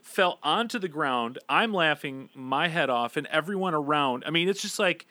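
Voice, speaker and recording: A man's voice: a little high, lively intonation, normal speed, bright, forceful tone, no echo. A man in his thirties, a podcast co-host telling a story in casual chat, with a chuckle and many fillers.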